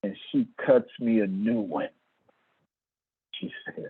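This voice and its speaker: A man speaking to an audience, telling a story in a lively way, calling on listeners by name and acting out what people said. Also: fairly low pitch, slow pace, breathy edge, no room sound. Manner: lively, calls on listeners by name, acts out quoted lines. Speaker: motivational speaker. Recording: tinny phone-like sound.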